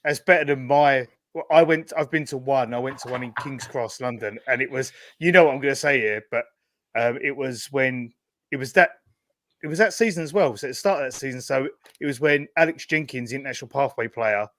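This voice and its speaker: A man's voice: mid-range voice, fairly quick, fairly bright tone, no room sound. A man co-hosting a podcast in casual chat, telling a story and laughing at himself. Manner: chatty, self-mocking, laughing at himself. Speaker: podcast co-host.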